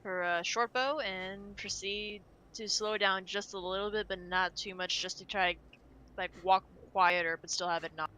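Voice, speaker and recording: Bright-voiced woman asking questions at a tabletop game. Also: medium pitch, fairly even intonation, normal speed, smooth. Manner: inquisitive, asks many questions. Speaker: player.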